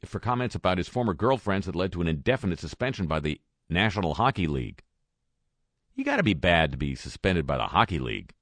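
Man, very low voice, wry news commentary, sarcastic asides, dry close mic. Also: fairly bright tone, dry recording. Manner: dry, sarcastic asides between read quotes. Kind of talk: wry spoken news roundup.

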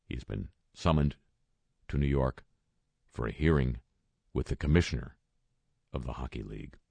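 A man's voice: extremely low pitch, moderate pace, vocal fry, darkish tone, breathy edge, no echo. A man reading a news roundup with dry, sarcastic asides between quoted statements. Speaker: radio news commentator. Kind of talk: wry spoken news roundup.

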